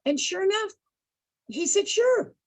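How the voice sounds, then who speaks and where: A woman with a husky voice telling a casual story to an online group over a video call, chatty and calling her listeners folks. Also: a little high, animated, moderate pace, no room sound, low-quality recording. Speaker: storyteller host.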